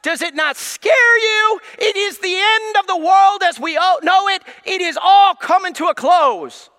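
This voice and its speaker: A man voicing a panicking churchgoer who shouts in fear about the end of the world. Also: sits high, sing-song, moderate pace, big-room sound, voice pushed down, full character voice. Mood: panicked. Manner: shouting, frantic.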